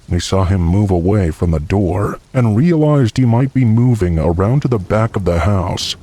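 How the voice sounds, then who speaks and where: A man narrating a first-person horror story in a calm, steady storytelling manner. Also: lowish voice, husky.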